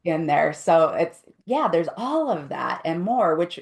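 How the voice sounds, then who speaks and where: A woman's voice: low-pitched, sing-song, measured pace, vocal fry. A middle-aged woman, a guest expert on conflict, explaining patiently in casual interview talk and acting out quoted inner voices.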